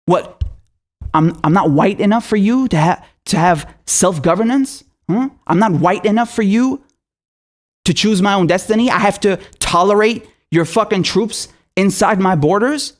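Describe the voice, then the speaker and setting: A man's voice: high voice, moderate pace. A man who is a political commentator, delivering an angry and profane rant full of rhetorical questions. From Syria.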